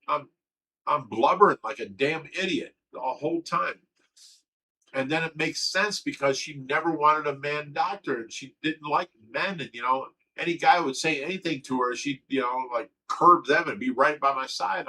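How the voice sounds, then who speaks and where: A man's voice: medium pitch, pushed and bright, slight background noise, poor audio. A livestream host talking candidly and emotionally, rambling and swearing as he tells a personal story. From Ohio.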